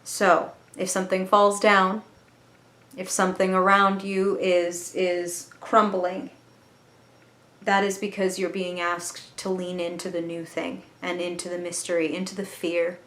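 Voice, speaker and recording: A tarot reader gives a casual spoken reading, chatty and earnest, dropping the occasional casual swear word. Her lowish, somewhat bright voice is monotone and unhurried, and the room is echoey.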